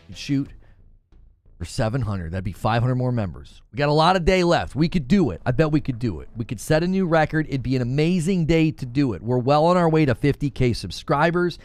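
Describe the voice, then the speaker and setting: Streamer, male, chatty and lively, slightly high voice, faint music underneath. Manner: chatty, talks to chat viewers, animated. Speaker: gaming streamer. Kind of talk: casual live-stream chat.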